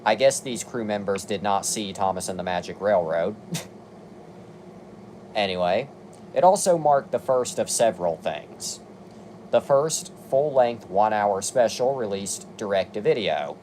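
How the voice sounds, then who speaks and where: A man's voice: lowish voice, expressive, unhurried, darkish tone, slight background noise. A young man giving casual review commentary, reading long lists with dry, exasperated asides. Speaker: video commentator.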